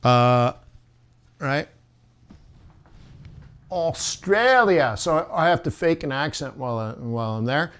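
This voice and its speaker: A man's voice: a little high, animated, takes it slowly, long pauses, a bit bright, clean tone. A man hosting a trading livestream, rambling casually and joking at his own expense as he chats with viewers. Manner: rambling, self-mocking, chatty with viewers. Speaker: forex livestream host.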